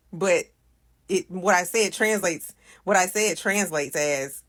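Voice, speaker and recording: A woman's voice: fairly low pitch, moderate pace, a bit bright. A woman from the United States explaining something patiently in a casual video monologue, repeating her points. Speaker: social media commenter.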